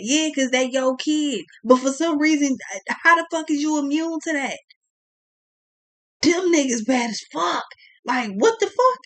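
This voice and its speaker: A woman's voice: sits high, lively intonation, a little slow, fairly bright tone. A young woman giving a blunt, profane tarot reading, exclaiming as she turns the cards. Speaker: tarot reader.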